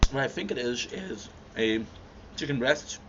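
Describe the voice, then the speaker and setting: A man's voice: mid-range voice, unhurried. A young man hosting a livestream, chatting casually with viewers and humming between bites of food. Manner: relaxed, chatty, stops to chew and hum between bites. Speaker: livestream host. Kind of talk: casual chat with viewers while eating. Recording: dull lo-fi stream audio with faint background hum.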